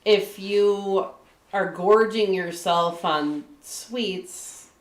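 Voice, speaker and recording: A woman's voice: medium pitch, extremely slow, reverberant. A woman from Michigan, a guest author on a live stream, talking candidly in casual chat, with a lot of "like" and "you know" and frequent laughs.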